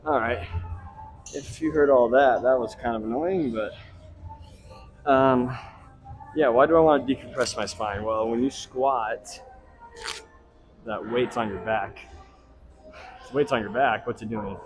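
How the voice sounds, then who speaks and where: A man's voice: mid-range voice, unhurried, pauses often, rough recording. A young man vlogging his leg workout in a gym, talking casually to viewers between sets, sometimes out of breath. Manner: casual, swears, coaching asides to viewers. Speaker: fitness vlogger. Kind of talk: casual gym vlog talk. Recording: gym ambience noise.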